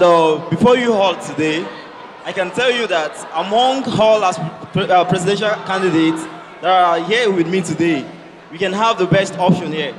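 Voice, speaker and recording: A young man giving a rousing campaign speech to a student crowd in a hall. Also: high voice. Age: young adult. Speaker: student election candidate. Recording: reverberant hall with crowd noise.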